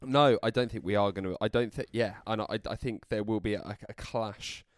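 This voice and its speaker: A man's voice: lowish voice, normal speed, no room sound, clean studio sound. A young man co-hosting a podcast in casual chat, hungover, teasing his friend and hesitantly repeating himself. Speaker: podcast co-host.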